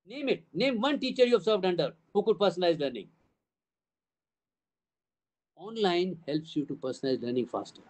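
Older Indian English man, high voice, speaking emphatically to parents at a town hall, stacking points in repeated phrases. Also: expressive, moderate pace, pauses often, darkish tone. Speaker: school trust CEO addressing parents.

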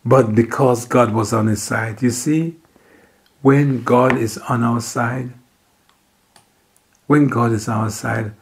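Slow, gravelly-voiced preacher man. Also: medium pitch, steady tone. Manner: slow, repeats phrases for emphasis; acts out the king's and Daniel's words. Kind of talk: sermon retelling a scripture story.

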